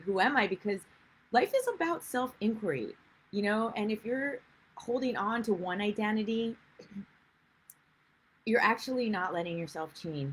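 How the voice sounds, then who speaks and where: A female life coach with a mid-range, slightly rough voice gives a chatty, wandering coaching talk on a livestream, greeting viewers along the way. The recording quality is rough.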